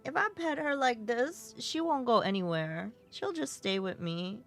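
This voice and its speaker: A woman streamer in casual live-stream chat, relaxed, affectionate and chatty. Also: fairly high pitch, a little slow, soft background music.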